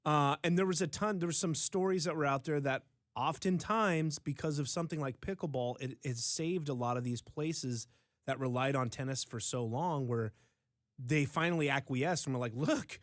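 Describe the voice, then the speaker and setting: An older man co-hosts a casual talk show, explaining things matter-of-factly and often restarting his sentences. His voice sits a little high. The studio sound is dry and close. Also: normal speed, no echo. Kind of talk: casual chat.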